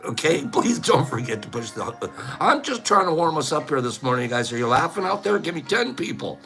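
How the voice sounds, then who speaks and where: Playful guy running a live chat with viewers, high voice, jumps all over, bit of music behind. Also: very animated, fairly quick. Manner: playful, teasing, laughs often; breaks into loud bird calls. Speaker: livestream host.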